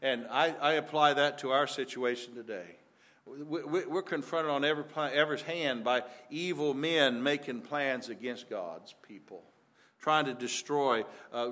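Older guy preaching, folksy, kinda high voice, stumbles over words a lot. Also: a bit bright. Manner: folksy, repeats words, rises in emphasis. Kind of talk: sermon.

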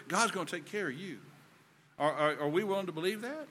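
A man's voice: sits high, lively intonation, a little fast, fairly bright tone. A man with a Southern US accent preaching a sermon in an earnest, folksy way that builds in emphasis.

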